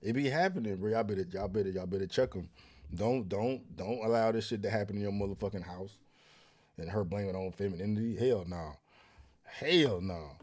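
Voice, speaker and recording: A man's voice: fairly low pitch, fairly quick, darkish tone. Blunt slangy man ranting. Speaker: commentary host reacting to clips. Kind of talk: casual reaction commentary.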